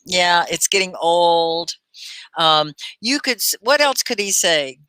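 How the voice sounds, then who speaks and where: A Texan woman hosts a relaxed online English lesson, sounding words out and laughing often. Her voice sits a little low but rings bright and lively. The sound is dry and close, with no room around it. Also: slow pace, clean tone, dry recording. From Texas. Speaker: ESL teacher and host. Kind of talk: casual live-stream English lesson.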